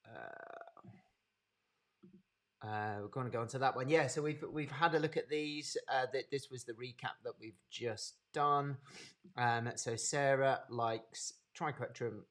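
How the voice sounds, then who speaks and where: A man with a Birmingham accent giving an informal anatomy lecture over a live webinar, chatty and unhurried, greeting attendees by name. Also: medium pitch, a bit bright. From English Midlands.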